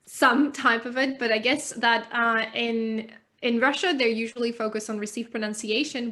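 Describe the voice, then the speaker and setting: A woman's voice: a little high, a bit bright. A woman, an English teacher, chatting candidly as a podcast guest and laughing easily. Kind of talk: casual conversation.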